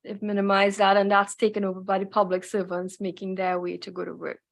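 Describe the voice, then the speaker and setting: A woman with a Trinidadian accent speaks a little fast in a mid-range, monotone, gravelly voice. She is a journalist guest in a casual interview, chatty and detailed, and she often restarts her sentences.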